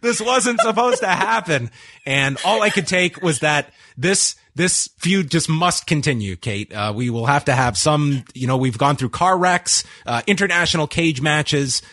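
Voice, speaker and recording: A man giving a wry, casual recap of a wrestling show, with frequent "uh" pauses. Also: a little high, sharp tone, no echo. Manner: dry, wry recap with hesitations.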